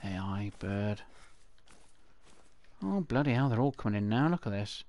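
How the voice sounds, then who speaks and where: A man's voice: lowish voice, lively intonation, a little slow, darkish tone, no room sound. A man chatting to himself over gameplay, rambling and answering his own questions in silly voices. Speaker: gaming channel host. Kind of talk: casual gameplay commentary.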